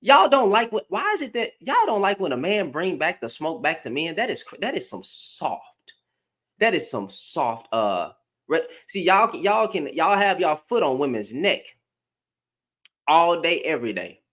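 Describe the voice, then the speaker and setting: A man hosting a livestream, talking in a confrontational, animated way. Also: fairly high pitch, moderate pace. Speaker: livestream host. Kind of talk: heated livestream talk.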